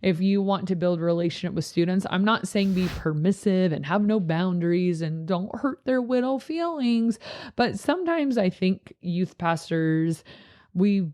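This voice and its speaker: A woman youth pastor chatting casually, telling lively stories and jumping into high voices when she quotes people. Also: normal speed. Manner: animated storyteller, jumps into high voices when quoting others. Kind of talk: casual podcast chat.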